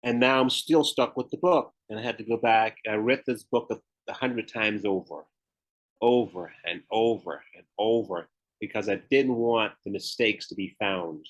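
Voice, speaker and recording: A man's voice: lowish voice, normal speed, rough recording. Southern man telling his story. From Memphis, Tennessee, US Southern. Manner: storytelling, candid, laughs often. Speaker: guest, retired pro bodybuilder and author. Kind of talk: podcast interview.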